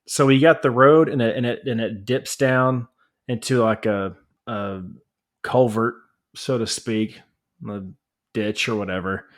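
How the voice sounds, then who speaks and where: Male podcast co-host, casual chat, animated rambling storyteller, mid-range voice. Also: mid-range voice, unhurried. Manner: married family man.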